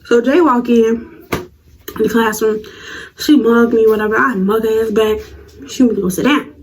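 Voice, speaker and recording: High-voiced, animated young woman vlogger. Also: normal speed, a little hiss or hum, poor audio. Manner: animated, slangy storytelling. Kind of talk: storytime vlog.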